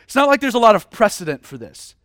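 Animated high-voiced male preacher. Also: quick pace, no room sound, clean studio sound. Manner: casual, animated preaching with asides and humor. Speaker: pastor. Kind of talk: sermon.

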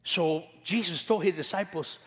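A man with a high voice preaches a sermon in a church hall with long reverb. He is emphatic, repeats key phrases and drops from loud passages to quiet ones. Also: normal speed. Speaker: pastor.

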